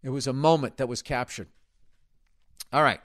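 A man's voice: mid-range voice, moderate pace, a bit bright, no echo, clean studio sound. A man hosting a podcast as a comedian, reading listener mail in crude, joking, rambling chat.

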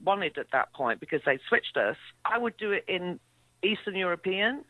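A middle-aged English actress telling stories in a chatty interview, with a mid-Atlantic accent and lots of fillers. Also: female voice, fairly low pitch, sing-song, normal speed, bright, forceful tone, no room sound, low-quality recording. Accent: mixed English and American, mid-Atlantic. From England. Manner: chatty, lots of fillers, laughs between lines. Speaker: actress guest. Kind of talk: casual interview storytelling.

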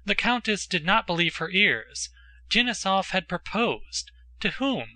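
A male audiobook narrator with a measured storytelling delivery. His voice is bright and a little high-pitched, recorded close and dry with no room sound. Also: animated, dry recording. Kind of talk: scripted narration.

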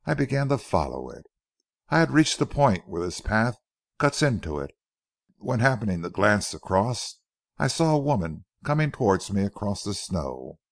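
A man voicing a calm, persistent police corporal who tells his account quietly and deliberately. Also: lowish voice, creaky, no room sound, studio quality.

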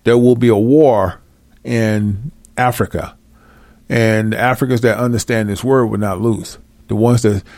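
Here a self-styled Bible teacher with a lowish, slightly mellow voice reads scripture and follows each passage with fiery explanation. His preaching is blunt, confrontational and mocking, and there's no echo on the recording.

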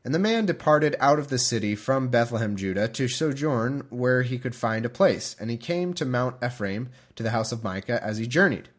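Expressive and mid-range, this man's voice moves at normal speed with few pauses. As a podcast host he reads scripture aloud and keeps veering into amused, chatty asides, laughing frequently.

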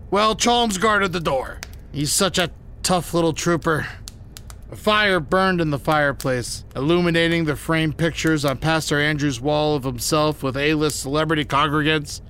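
A man telling a comic story in deadpan, mock-dramatic narration, now and then bursting into shouts. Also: sits high, slight background noise. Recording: music bed behind the voice.

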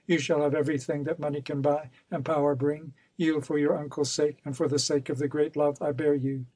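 Recorded dry and close without room sound, this male narrator plays a ruthless, scheming villain from a storybook, speaking a little fast in a level, fairly high, mellow and husky voice. The mood is villainous: cold and insistent at first, then coaxing and wheedling, both pleading and menacing.

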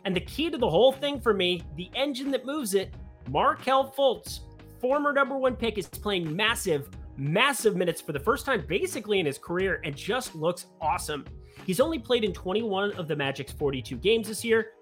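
A man's voice: high voice, moderate pace, faint music behind. A man hosting a casual sports betting show, chatting through his picks with joking asides about himself. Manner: animated, chatty, with self-mocking asides.

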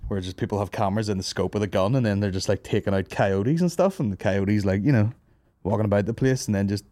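A man's voice: lowish voice, fast, dark tone, no room sound. A man hosting a comedy podcast, telling rambling, sweary stories and laughing at his own jokes. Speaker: podcast host. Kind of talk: casual comedy podcast banter.

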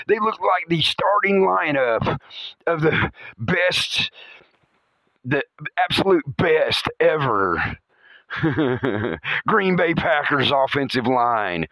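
A man narrating a comic horror story, chuckling often as he tells it in a playful, animated way. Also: a little high, no echo, low-quality recording. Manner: chuckles through his telling, animated and playful.

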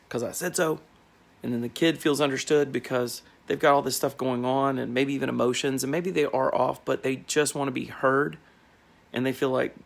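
Middle-aged male coach, gravelly, earnest casual reflection. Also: medium pitch. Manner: earnest, musing, rhetorical questions. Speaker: life coach.

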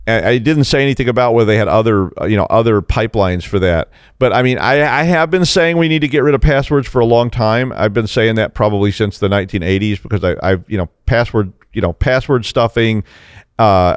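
A man's voice: fairly low pitch, clean tone, no echo, clean studio sound. A middle-aged man hosting a casual tech news commentary, wry and sarcastic, rambling with stutters and restarts. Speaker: tech news show host.

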